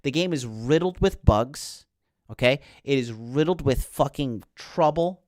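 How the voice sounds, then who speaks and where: A man's voice: medium pitch, animated, measured pace, no room sound, studio quality. A man hosting a podcast, ranting about a film in a heated, sarcastic way full of swearing. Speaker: podcast host.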